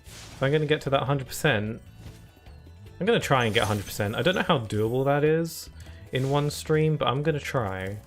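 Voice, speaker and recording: A man commentates his own live game stream in a relaxed, rambling way, chatting to viewers between moves. His voice sits at an ordinary middle pitch. Quiet game music runs softly behind him. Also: normal speed. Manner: chatty and rambling, talks to chat between laughs.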